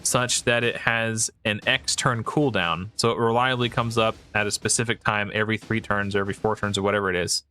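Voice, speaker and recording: A man's voice: lowish voice, steady tone, brisk, few pauses, pushed and bright, soft background music. A man giving casual thinking-aloud commentary as a gaming video creator, rambling and hesitant with frequent restarts and fillers.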